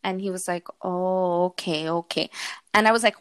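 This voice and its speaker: A woman hosts a casual podcast chat, telling lively stories and slipping into quoted voices. Her voice sits mid-range and sounds close and dry, with no room around it. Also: fairly low pitch, moderate pace, smooth, no echo. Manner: animated storyteller, acts out dialogue with her son. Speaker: podcast host.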